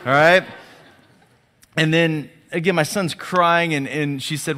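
A man preaching a sermon as a lively storyteller who acts out the dialogue and often restarts and repeats his words. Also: on the high side, moderate pace. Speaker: pastor. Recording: long hall reverb.

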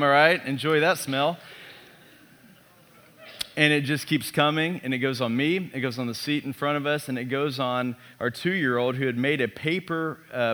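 A man in his thirties, a pastor preaching a sermon built around a personal story, animated and self-mocking. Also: mid-range voice.

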